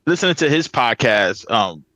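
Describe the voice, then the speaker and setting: A man's voice: mid-range voice, normal speed, no echo, rough recording. A man in casual podcast chat, telling a story with lots of "like" and "um" and frequent laughter. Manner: animated, laughs often, fillers like "like" and "um". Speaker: podcast guest, pro wrestler.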